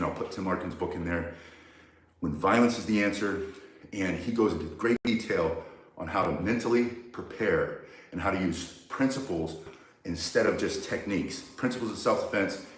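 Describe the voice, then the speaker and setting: A man teaching self-defense, bluntly and emphatically walking through each move step by step. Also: sits low. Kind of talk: instructional demonstration. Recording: very echoey, mic far from speaker.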